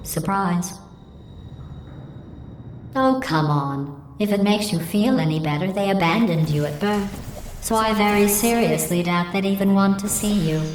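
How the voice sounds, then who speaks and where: An actress voicing a cold, sarcastic female AI that runs test chambers, speaking in a deadpan, passive-aggressive way through a synthetic robotic filter. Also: mid-range voice, a little slow. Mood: mocking. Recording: echoey game audio with music behind.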